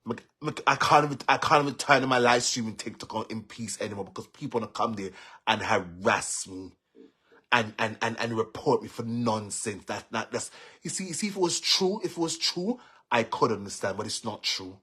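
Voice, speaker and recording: Agitated husky Jamaican man venting. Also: medium pitch, a little fast. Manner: agitated, stammering repeats, swings between shouting and muttering. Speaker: social media personality. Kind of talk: venting on a live stream.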